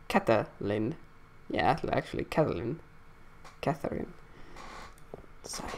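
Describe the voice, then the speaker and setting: A woman's voice: deep voice, unhurried. A woman streamer giving casual game commentary, chatty and reading on-screen text aloud with fillers.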